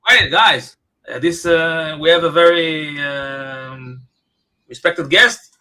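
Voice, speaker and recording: A man's voice: fairly high pitch, slow, pushed and bright. A man on a livestream panel, bashful about praise and hamming it up when welcoming a guest. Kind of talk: casual chat.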